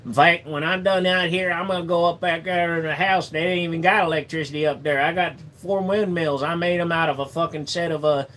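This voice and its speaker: A man's voice: fairly high pitch, steady tone, brisk, few pauses, fairly bright tone, voice pushed up, natural voice. A man putting on a Southern country accent to play a boastful, rambling off-grid rural man who swears freely. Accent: Southern US country, put on.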